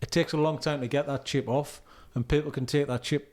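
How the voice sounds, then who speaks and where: A man's voice: fairly high pitch, steady tone, a little fast, a little mellow. A man with a Geordie accent hosting a podcast, talking in a rambling, chatty way that often breaks off and restarts. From North East England. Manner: rambling, self-interrupting, chatty. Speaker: podcast host. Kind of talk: casual conversation.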